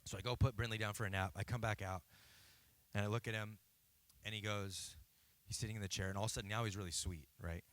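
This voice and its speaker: A man's voice: fairly low pitch, little pitch movement, quick pace, long pauses, fairly bright tone. A man in his thirties preaching a sermon in a church, telling stories in a conversational way and often checking in with "right?". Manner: conversational storytelling with frequent "right?" asides. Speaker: pastor.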